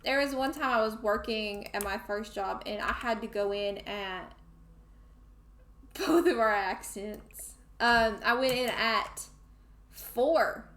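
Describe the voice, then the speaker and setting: A woman's voice: fairly high pitch, takes it slowly, fairly bright tone. A young woman from Tennessee with a Southern accent, chatting casually while streaming a game and talking to her viewers and the game's characters. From Tennessee, USA. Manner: chatty, talks to the game and chat. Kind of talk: casual gameplay chat. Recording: roomy echo, faint music.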